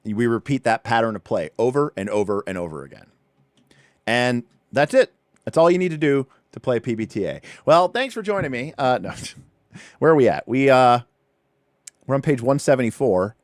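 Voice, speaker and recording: A man hosting a livestream, casually walking through a rulebook, with animated, chatty asides and points repeated for emphasis. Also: mid-range voice, moderate pace, no echo, clean studio sound. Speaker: livestream host.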